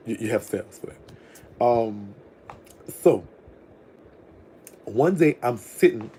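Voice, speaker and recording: Warm-voiced man telling stories. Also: medium pitch, animated, takes it slowly, breathy edge, low-quality recording. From Louisiana. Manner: chatty, profane, campy, calls listeners "girl". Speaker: storyteller. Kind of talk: casual storytime chat.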